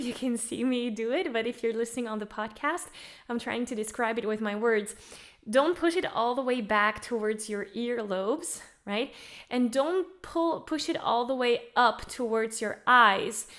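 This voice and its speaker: A woman vocal coach guiding singers through warm-up exercises, encouraging them and demonstrating by singing along. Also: a little high. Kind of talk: guided vocal warm-up lesson. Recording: faint piano music under voice. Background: piano accompaniment.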